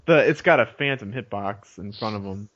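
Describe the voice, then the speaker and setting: A man chiming in calmly and matter-of-factly in a casual gaming podcast. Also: lowish voice, moderate pace, no room sound. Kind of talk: casual podcast chat about fighting games. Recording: dull lo-fi audio.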